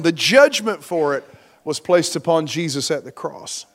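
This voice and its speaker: Slow, emphatic preaching man. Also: fairly high pitch, expressive. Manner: slow, emphatic preaching with rising and falling force. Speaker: pastor. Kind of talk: sermon. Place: church.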